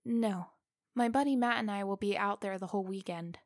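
A woman voicing a big, brash male hunter who talks in a blunt, casual, slightly gruff way. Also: medium pitch, moderate pace, dry recording, studio quality, natural voice.

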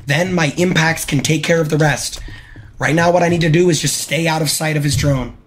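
A man streaming gameplay live, excitable and hyping himself up, repeating his phrases over and over. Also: a little high, brisk, a little hiss or hum. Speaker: game streamer.

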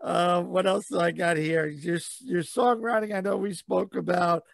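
A man hosting a podcast interview in casual chat, excitable and cursing freely. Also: high-pitched, moderate pace, gravelly, no room sound. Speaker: podcast host.

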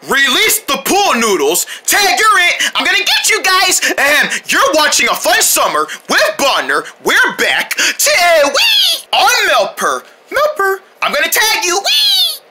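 Bright, squealing skit performer. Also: very high-pitched, unhurried, a little hiss or hum. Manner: excitable, shouts and squeals often. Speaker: skit performer voicing several characters. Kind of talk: playful comedy skit with character voices.

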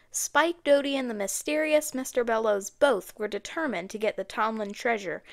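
A woman narrating an audiobook in a steady storytelling manner. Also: on the high side, creaky. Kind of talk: scripted narration.

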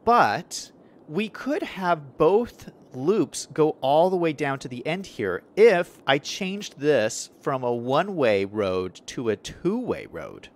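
A man's voice: on the high side, big pitch swings, takes it slowly. A man streaming a city-building game, chatting casually and thinking aloud as he plans, often correcting himself mid-sentence. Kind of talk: casual gameplay commentary.

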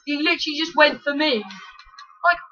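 A woman giving excitable live commentary over her own gameplay, yelling at the screen with quick self-mocking asides. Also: high-pitched, lo-fi sound. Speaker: gaming channel host.

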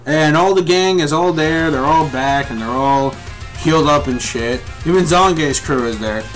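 A young man reviewing a manga live, reading along and reacting to viewers with excitable, profane chatter. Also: on the high side, measured pace, soft background music.

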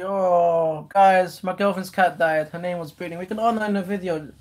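A woman hosting a casual home unboxing vlog, chatty and excitable, who swears loudly when let down. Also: on the low side, normal speed, hardly any pauses. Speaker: host.

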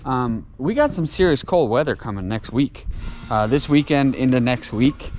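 A man's voice: mid-range voice, expressive, moderate pace, a little mellow, slight background noise. A man from Tennessee, vlogging casually outdoors in a farmyard while he does chores, ranting and sarcastic. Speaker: homestead vlogger. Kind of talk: casual vlog.

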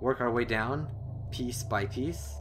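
A man's voice: medium pitch, takes it slowly, slight background noise, natural voice. A man voicing a sinister male creature that poses as a human, speaking in a mocking, taunting way while reading a visual novel aloud. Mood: mocking menace.

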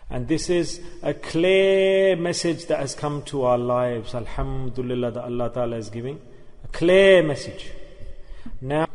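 A man from the UK giving an earnest religious sermon, repeating his points and acting out small parables. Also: on the high side. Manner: earnest and repetitive, voicing people in little parables. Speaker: sheikh giving a religious talk. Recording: long hall reverb.

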